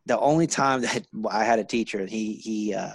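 A man telling stories in casual chat, profane and animated, acting out the quotes. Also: on the low side, normal speed, no echo.

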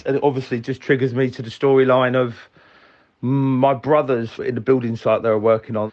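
A man's voice: medium pitch, muffled recording. A man with a Cockney accent leaving a rambling, earnest voice message for a podcast. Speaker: caller leaving a voice note. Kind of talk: casual voice message.

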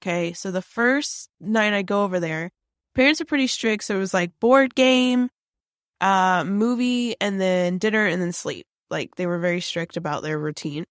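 A woman tells a creepy story from her own life in a loose, chatty way, with lots of fillers and restarts. Her voice sits at a middle pitch. The sound is close and dry. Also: moderate pace, no room sound. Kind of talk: casual spooky storytelling.

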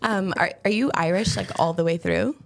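A woman's voice: on the low side, normal speed, very noisy. A woman in casual podcast chat, asking questions and talking with many "like"s. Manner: chatty, asks questions, lots of like.

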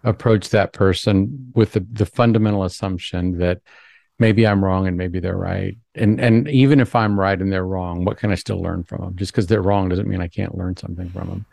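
A man with a very low, gravelly voice, talking as an interview guest. He sounds thoughtful and measured, pausing over his words. The sound is dry and close, with no room in it. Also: steady tone, a little mellow, no room sound. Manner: thoughtful, measured, self-deprecating. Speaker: psychologist guest. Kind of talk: conversational interview.

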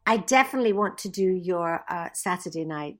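A woman's voice: fairly low pitch, expressive, fairly quick. A woman, a guest in a casual chat, talking in an effusive, gushing way and laughing easily. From Scotland.

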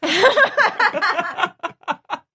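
Woman co-host, laughs a lot and rambles, lively pitch, dry close sound. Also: very slow, dry recording. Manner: giggly, rambling, full of "like". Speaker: podcast co-host. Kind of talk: casual chat.

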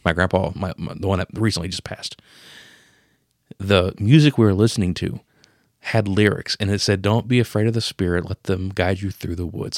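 A man in his thirties telling a personal story on a podcast, emotional and profane, marking each scene change with a sudden boom. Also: steady tone, moderate pace, no room sound, clean studio sound. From Pennsylvania. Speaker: podcast co-host. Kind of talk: casual storytelling.

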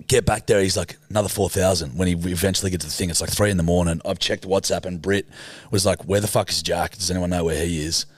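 A man's voice: low-pitched, brisk, slightly rough, no room sound. Sweary Australian man spinning a yarn. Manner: animated, sweary storyteller. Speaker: podcast co-host. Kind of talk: casual storytelling chat.

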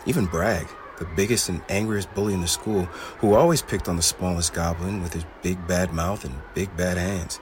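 A man reading a children's storybook aloud in an expressive, steady way. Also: sits low, moderate pace, few pauses, background noise.

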